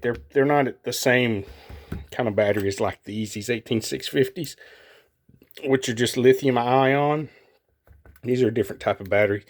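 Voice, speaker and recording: A man's voice: mid-range voice, a little mellow, no echo. A man casually narrating a homemade video, rambling in a folksy way and chatting to his cats as he goes. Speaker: homeowner showing his projects.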